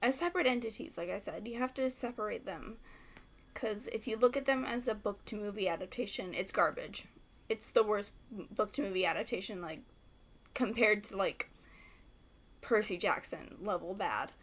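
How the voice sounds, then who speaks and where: A young woman rambling excitedly to camera about favorite books, swearing freely. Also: mid-range voice, normal speed. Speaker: book vlogger. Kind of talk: casual rant to camera.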